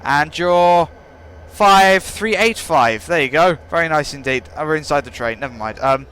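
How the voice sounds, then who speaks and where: A man's voice: a little high, moderate pace, a bit bright, smooth. A young man giving rambling, playful commentary over gameplay, joking at his own expense. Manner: rambling, playful, self-mocking. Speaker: gaming channel host.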